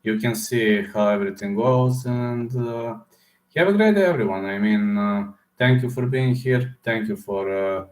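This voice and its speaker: Hoarse man chatting on a livestream. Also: lowish voice, reverberant. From Serbia. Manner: halting, searching for words, many fillers. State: hoarse throat. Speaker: livestream host answering chat. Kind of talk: casual livestream chat.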